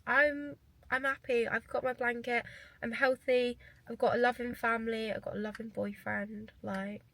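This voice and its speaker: A young woman talks straight to camera in a loose, rambling vlog. Her voice sits a little high, and her chatter runs on with "like" at every turn. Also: little pitch movement, moderate pace, gravelly, a bit bright. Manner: rambling, chatty, lots of "like" fillers. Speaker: vlogger and fitness coach.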